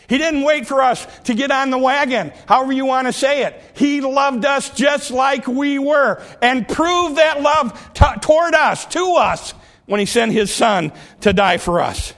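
Male preacher, very high-pitched, fervent repetitive sermon delivery with bursts of shouting. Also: measured pace.

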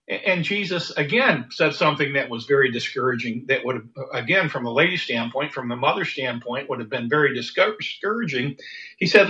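A man preaching a Mother's Day sermon, halting often with repeated words and fillers as he retells a Bible story. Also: on the high side, animated, pushed and bright, muffled recording.

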